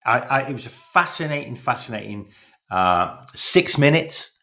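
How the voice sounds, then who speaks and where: A man co-hosting a football podcast in casual, animated chat, often repeating words as he starts a thought. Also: mid-range voice, normal speed, gravelly. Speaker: podcast co-host.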